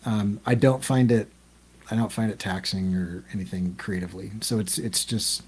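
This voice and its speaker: A man's voice: lowish voice, steady tone, normal speed, slightly rough. A man co-hosting a podcast in casual group chat, talking in a rambling way with many ums and restarts. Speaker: podcast co-host.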